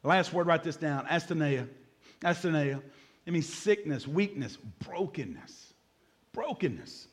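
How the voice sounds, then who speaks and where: Male pastor with a high voice, energetic preaching, playful asides. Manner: energetic, jokes with the congregation, repeats key words. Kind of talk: sermon.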